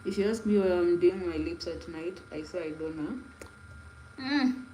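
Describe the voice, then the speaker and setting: A young Kenyan woman with a fairly low voice chats loosely on a phone livestream, rambling from one story to the next with a Kenyan accent. Her voice rings in an echoey room, with faint noise underneath. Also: animated, normal speed, mellow. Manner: chatty, rambling, laughing asides. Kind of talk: casual live stream chat.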